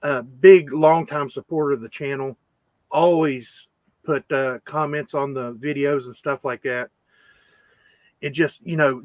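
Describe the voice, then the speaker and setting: A man's voice: medium pitch, a little slow, dry recording, muffled recording. A man hosting a casual coin-collecting live stream, rambling and greeting chat viewers by name.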